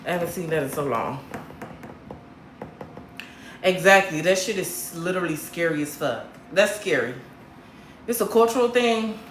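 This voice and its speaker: Animated, profane woman livestreamer. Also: lowish voice, moderate pace, pauses often, a little hiss or hum. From Grand Rapids, Michigan, USA. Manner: blunt, profane, animated ranting. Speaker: livestream host. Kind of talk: casual livestream chat with viewers. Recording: roomy echo, faint background ambience.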